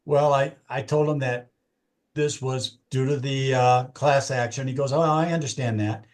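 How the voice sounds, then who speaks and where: A real estate agent casually tells his team a story about a client during a meeting, acting out both sides of their conversation. His medium-pitched voice stays steady at a normal speed.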